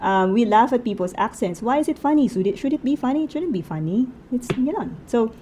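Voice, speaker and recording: A woman's voice: on the high side, expressive, brisk, dark tone, slight background noise, low-quality recording. A woman with a Filipino accent giving a casual book review, talking it through in a conversational way and asking lots of rhetorical questions.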